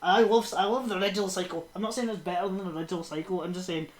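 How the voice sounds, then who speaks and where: A woman's voice: fairly low pitch, fairly even intonation, racing, a crowd in the background. A woman, co-hosting a podcast in loose, casual chat full of fillers. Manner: rambling, lots of fillers and trailing laughs. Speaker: podcast co-host. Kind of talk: casual chat about horror films.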